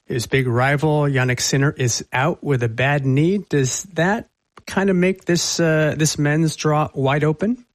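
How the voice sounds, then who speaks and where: A man hosting a show, introducing a guest and asking questions in a brisk, conversational way with filler uhs. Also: fairly high pitch, dry recording. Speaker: radio host. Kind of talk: interview introduction.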